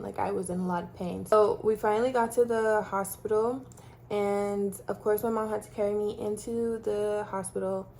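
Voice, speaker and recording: Mellow-voiced woman telling a personal story. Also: medium pitch, slight background noise. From Texas, US. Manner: chatty, many fillers like "like" and "um". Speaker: vlogger sharing her story.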